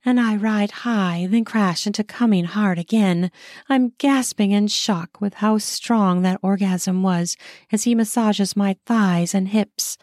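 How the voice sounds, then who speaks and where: A woman narrates an audio story in the first person with a mellow, darker tone. Her telling is brisk and intimate, recorded close on a dry mic with no room sound. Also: medium pitch, no room sound.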